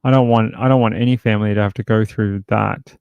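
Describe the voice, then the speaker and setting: A man's voice: lowish voice, fairly even intonation, fast, gravelly, clear, resonant tone, no echo, phone-quality sound. Guy rambling on his true crime live stream at home, lots of ums and likes, dry close sound. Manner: rambling, loose talk full of fillers. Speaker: true crime livestream host. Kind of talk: casual livestream chat.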